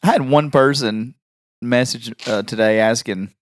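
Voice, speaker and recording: A man with a rural country accent talks in a mid-range voice, a little slowly, with no room sound. Co-hosting a casual podcast chat, he jokes around, pokes fun at himself, and laughs often.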